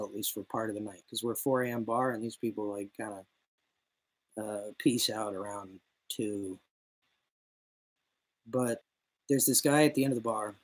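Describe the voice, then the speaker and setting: A man's voice: medium pitch, poor audio. A man on a casual podcast telling a long, profanity-laced anecdote in a rambling way. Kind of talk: casual storytelling chat.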